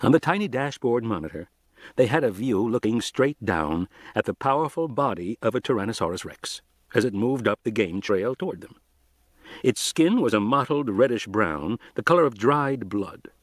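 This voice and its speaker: Man, audiobook narrator, expressive, lively pitch, dry close sound. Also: moderate pace, no room sound. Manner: expressive, dramatic reading.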